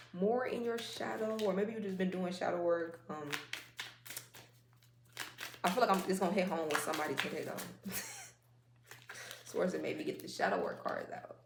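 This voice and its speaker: A woman with a lowish voice gives a casual oracle card reading, rambling and conversational, full of fillers and side remarks. Her voice sounds roomy and echoey, with faint noise behind.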